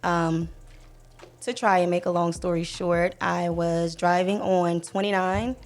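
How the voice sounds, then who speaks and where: Young woman with a gravelly voice. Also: lowish voice, a little slow. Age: young adult. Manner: animated retelling, acts out voices, fillers. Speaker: podcast guest. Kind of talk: casual storytelling.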